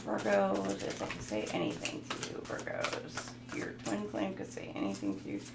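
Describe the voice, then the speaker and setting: Her voice medium in pitch, gravelly and sing-song, a woman reads tarot at a normal speed in a lighthearted, occasionally silly way. She reads out the cards' messages to viewers, with a roomy echo and faint noise in the background.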